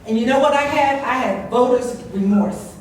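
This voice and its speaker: A woman's voice: sits high, moderate pace, a little hiss or hum. Impassioned older woman in echoey hall. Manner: impassioned, scolding, rising to loud indignation. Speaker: public commenter at council meeting. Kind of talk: public comment speech. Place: council meeting room. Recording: very echoey distant room recording.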